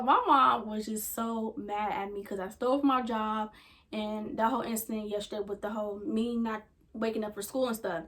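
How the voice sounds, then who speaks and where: A woman's voice: fairly high pitch, fairly bright tone. A young woman vlogger telling a personal story in a casual, chatty way, often saying "like" and talking straight to her viewers. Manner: chatty, peppers speech with "like", talks straight to viewers.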